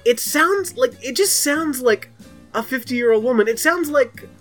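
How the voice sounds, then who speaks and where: Animated woman chatting on a podcast. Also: high-pitched, unhurried, soft background music. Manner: animated, rambling, laughs often. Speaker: podcast co-host. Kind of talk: casual comedic chat.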